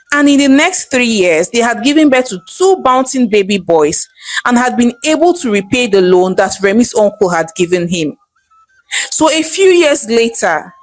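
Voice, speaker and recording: A Nigerian woman narrates a folktale in a lively, chatty way. Her voice sits at a middling pitch and sounds close and dry. Faint music runs underneath. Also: dry recording. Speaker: storyteller. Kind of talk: storytelling narration.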